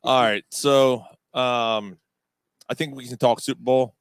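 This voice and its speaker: A man's voice: medium pitch, fairly even intonation, a little slow, clean tone, no room sound. Podcast co-host, male, mid-range voice, dry close-miked sound, loose, profane, opinionated sports chat.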